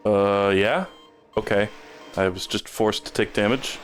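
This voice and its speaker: A man's voice: fairly low pitch, a little slow, soft background music. A man streaming a game, rambling in casual commentary and stumbling over repeated words when he gets stuck.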